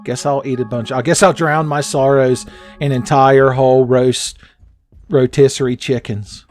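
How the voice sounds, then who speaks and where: Man, let's play host, playful game commentary, mid-pitched voice. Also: faint music behind. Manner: joking, quick pitch jumps when excited. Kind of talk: casual gameplay commentary.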